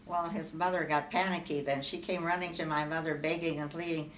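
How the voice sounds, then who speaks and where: An older woman from Omaha, Nebraska, unhurriedly recounting her life story in an oral history interview, with frequent fillers and soft laughs. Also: low-pitched, fairly even intonation, fairly quick, hardly any pauses. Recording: echoey room, far from mic, faint hiss.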